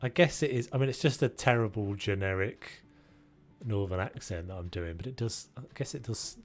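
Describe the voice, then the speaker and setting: A man's voice: on the low side, moderate pace. Male streamer, chatty and rambling, talking to chat with faint game music under him. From United Kingdom. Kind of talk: casual gaming livestream commentary.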